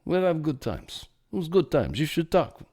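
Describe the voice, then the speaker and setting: A nation talks like an old friend, chummy and nostalgic, as a podcast host puts it on. The voice is lifted well above the speaker's usual pitch. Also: male voice, sing-song, normal speed, dark tone. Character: nostalgic country personified as a friendly man.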